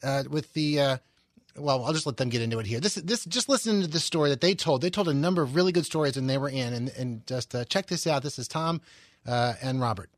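A man's voice: medium pitch, fast, no room sound, studio quality. A man hosting a radio talk show, casual and upbeat, plugging giveaways and a website between segments. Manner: casual, upbeat promo delivery with fillers. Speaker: radio host.

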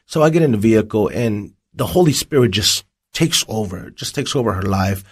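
A man's voice: fairly low pitch, animated, fairly quick, husky. A man giving a personal testimony as an interview guest, telling his story vividly. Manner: vivid storytelling, acts out dialogue.

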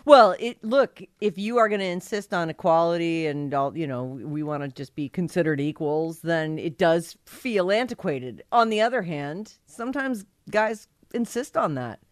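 A woman co-hosting a radio talk show, playful and expressive in banter with her co-host. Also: lowish voice, moderate pace, few pauses, no room sound, studio quality.

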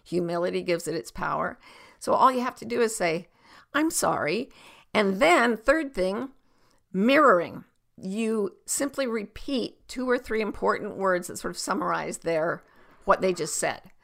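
A middle-aged woman coach explains her advice in an expressive podcast style. She acts out example exchanges and sometimes slips into a whisper. Her mid-pitched voice carries a gravelly edge. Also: moderate pace.

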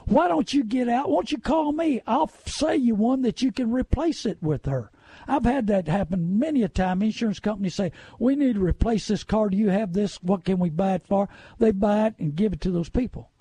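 A man's voice: high voice, brisk, warm tone, husky, dry recording. A middle-aged man, hosting a talk radio show with folksy, indignant ranting. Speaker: radio host.

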